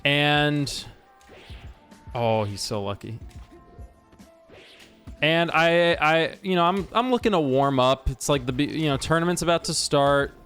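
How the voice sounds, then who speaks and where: A man's voice: on the high side, lively intonation, unhurried, long pauses, fairly bright tone. A man chatting casually on a game stream, telling a long story with many restarts and fillers. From Washington state. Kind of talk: casual stream chat while gaming. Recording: faint music underneath.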